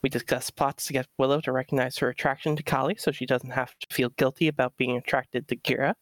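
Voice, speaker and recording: A man's voice: mid-range voice, little pitch movement, fast talker, fairly bright tone, no room sound, lightly acted. A man voicing a dutiful robot girl who reads out minutes in a formal, precise manner.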